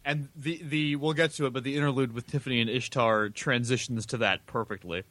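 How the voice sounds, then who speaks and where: A man co-hosting a casual podcast chat about comics, speaking in a relaxed, conversational way. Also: medium pitch, a little fast, no room sound. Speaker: podcast co-host.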